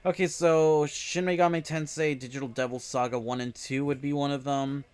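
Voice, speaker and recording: A man's voice: fairly high pitch, fairly even intonation, normal speed, darkish tone, clean tone. A man hosting a casual podcast chat, rambling with frequent laughs.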